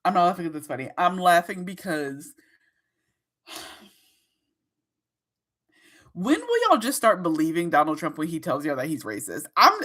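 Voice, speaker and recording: A woman hosting her own livestream, talking straight to her chat in a casual, animated way, laughing often and swearing freely. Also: on the low side, a little slow, long pauses. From Minnesota. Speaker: livestream host.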